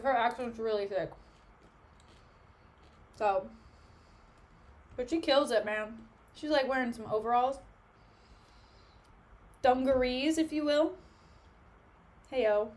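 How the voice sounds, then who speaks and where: A young woman chatting casually with her live-stream viewers from home, joking and snacking between remarks. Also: on the high side. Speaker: livestreamer. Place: at home, sitting on the floor.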